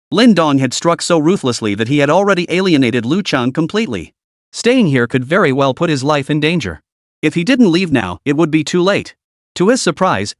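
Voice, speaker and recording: A man's voice: on the high side, no echo, clean studio sound. A man narrating a comic story recap in a dramatic storytelling manner.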